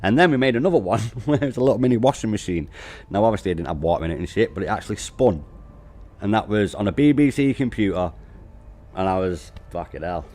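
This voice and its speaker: A man's voice: lowish voice, animated, fast talker, darkish tone. A man, chatting casually on a game live stream, laughing often and swearing freely as he banters with chat. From Warrington, northwest England.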